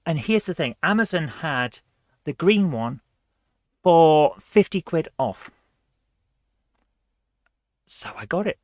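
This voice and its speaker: A woman's voice: low-pitched, expressive, takes it slowly, long pauses, darkish tone, dry recording. A woman hosting a live retro gaming stream, reading viewer comments aloud in a chatty, upbeat way and laughing easily.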